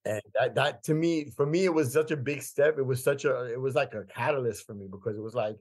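Husky man in his fifties, emphatic podcast guest, mid-range pitch. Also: a little fast, darkish tone. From Queens, New York. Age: 50s. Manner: emphatic, repeats phrases for weight. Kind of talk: conversational storytelling.

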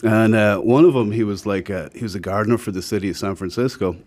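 A man's voice: on the low side, quick pace. A man with an Irish accent, a guest telling stories frankly in casual talk and acting out the people he quotes. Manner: frank, animated when quoting others. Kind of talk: casual storytelling.

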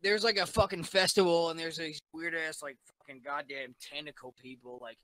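A man, a little tipsy, tells a story in a loose, rambling way, with curses dropped into nearly every line. His voice is bright and forceful and sits a bit high. It sounds close and dry, with no room around it. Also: brisk, no room sound, rough recording. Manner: rambling, profane, animated. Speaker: podcast guest. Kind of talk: casual chat, retelling a movie plot.

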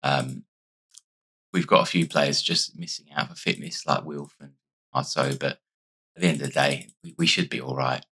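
A man with a hoarse, fading voice giving casual let's-play commentary, chatting and thinking aloud as he plays. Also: very deep voice, fairly even intonation, normal speed, bright, forceful tone. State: losing his voice. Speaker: gaming YouTuber.

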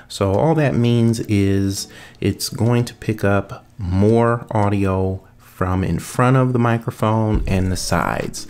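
A man's voice: low-pitched, darkish tone. A man reviewing gadgets in a casual, upbeat chat aimed at his viewers, recorded close on a studio condenser mic. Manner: upbeat, chatty, addresses viewers directly. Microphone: USB condenser mic on boom arm.

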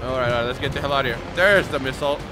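A young man hosting a gaming channel, giving excitable let's play commentary with loud whoops and shouts. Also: medium pitch, racing. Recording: game music playing underneath.

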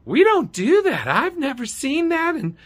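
A squeaky whiny office lady. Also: huge pitch swings, a little slow, heavily acted. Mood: whiny, dismissive. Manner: squeaky, whiny, flustered, stammering. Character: whiny high-pitched woman office clerk, dismissive.

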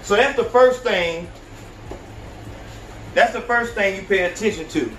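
Podcast host, high-pitched man, profane animated ranting, echoey room with faint hiss. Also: a little slow, recorded from a distance. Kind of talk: profane reaction commentary.

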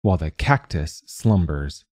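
A man reads as a young novice monk with a cool, cutting tongue, his voice low and dark. He answers quietly and evenly, never raising it, in a storybook reading. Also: animated, a little slow, no echo, studio quality, exaggerated voice. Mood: calm.

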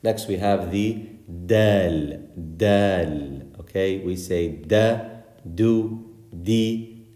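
Speaking very slowly in a low, mellow voice, with an echoey room around him, the teacher instructs on Arabic letters for reciting the Quran. He works patiently through every sound, repeating examples.

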